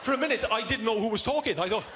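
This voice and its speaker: A male ventriloquist comedian spins a chatty anecdote on a big theatre stage. His voice sits fairly high. The live recording is noisy. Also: rapid-fire, big-room sound. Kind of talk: stand-up comedy.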